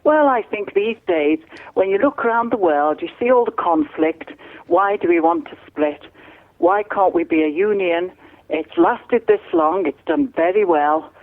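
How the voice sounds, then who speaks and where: A woman's voice: mid-range voice, very animated, measured pace, gravelly. A woman with a northwest English accent, answering a call and stating her view firmly and politely. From northwest England. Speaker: caller. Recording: tinny phone line.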